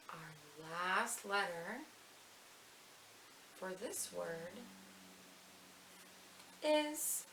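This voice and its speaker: A woman leading a family story time at a library, chanting rhymes in a sing-song way, slowly for the snail and fast for the mouse. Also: mid-range voice, pushed and bright. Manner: sing-song, reads rhymes slowly and quickly to match the words. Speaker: children's librarian. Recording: echoey room with faint hiss.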